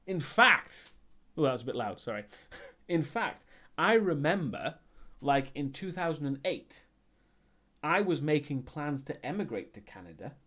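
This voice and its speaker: A man's voice: a little high, very animated, normal speed. A Welsh man hosting a live stream, chatting casually with his chat and making wry asides. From Wales.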